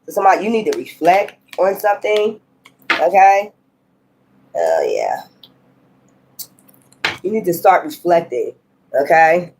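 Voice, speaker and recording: A woman's voice: on the low side, normal speed, darkish tone, slight background noise. A woman reads tarot cards in a loose, unscripted style. She is blunt and scolding, curses freely and laughs often as she talks to her viewers. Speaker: tarot reader. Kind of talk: casual tarot reading.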